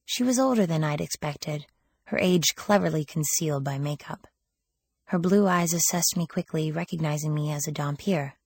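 A woman narrating a first-person audiobook in a wry, lively storytelling manner. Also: sits low, normal speed, slightly rough, no echo.

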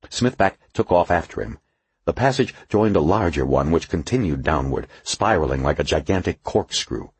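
A man reading a suspense novel aloud as an audiobook narrator. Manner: low, husky, lively storytelling voice. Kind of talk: scripted narration.

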